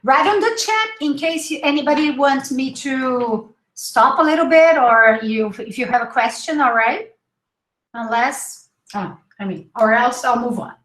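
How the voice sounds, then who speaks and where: A woman teaching English pronunciation in a live online class, slowly modeling each word and repeating it. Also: high voice, fairly bright tone, reverberant, rough recording. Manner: slow, drawn-out modeling of words with repetition.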